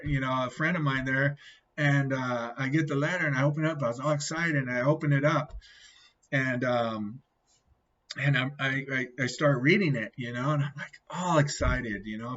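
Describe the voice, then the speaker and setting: Husky man telling a rambling testimony. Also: mid-range voice, moderate pace, fairly bright tone. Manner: rambling, repeats "okay?" often. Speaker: testimony vlogger. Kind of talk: personal testimony, casual storytelling. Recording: dull lo-fi recording.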